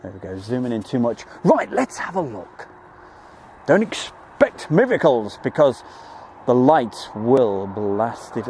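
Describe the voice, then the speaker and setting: A man's voice: mid-range voice, big pitch swings, measured pace, noisy background. A man hosting a live plane-spotting stream, chatting jokily and reading out viewer messages. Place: outdoors at an airfield.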